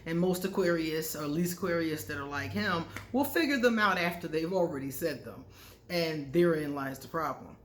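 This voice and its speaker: A woman's voice: sits low, animated, moderate pace, slight background noise. A woman hosting an astrology channel, telling personal stories in a candid, casual way and often laughing at herself. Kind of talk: casual storytelling to camera. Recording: echoey room.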